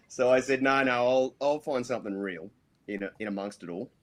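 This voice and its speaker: A man's voice: mid-range voice, fairly quick. A middle-aged Australian man, a podcast guest, telling rambling stories full of ums and restarts. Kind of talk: casual interview storytelling.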